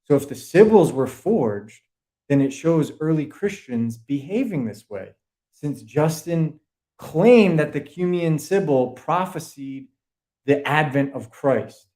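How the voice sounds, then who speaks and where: A man's voice: fairly high pitch, animated, takes it slowly, mellow. A man with a Boston accent, a podcast guest lecturing in a rambling, profane way during a casual video call chat. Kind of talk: casual conspiracy-history chat.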